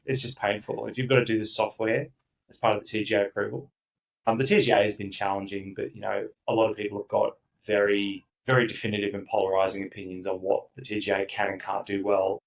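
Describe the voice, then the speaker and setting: A man's voice: fairly low pitch, little pitch movement, quick pace, gravelly, far from the mic, rough recording. A man speaking as a company founder guest in a casual podcast interview, emphatic and enthusiastic, acting out the voices of the people he quotes.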